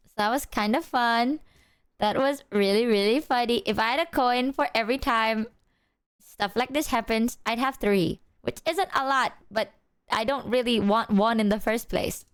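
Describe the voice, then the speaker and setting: Animated, chatty young woman streamer. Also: a little high, moderate pace, clear, resonant tone, no room sound, studio quality. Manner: animated, chatty, heavy filler "like", swears. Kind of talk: casual storytelling to chat.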